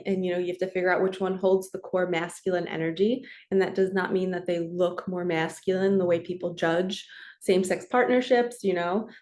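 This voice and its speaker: A woman in her forties, working as a spiritual coach and reader, talks straight to camera in a loose, chatty monologue. Her voice sits at an ordinary middle pitch, and she stays earnest while laughing often. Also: darkish tone. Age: 40s.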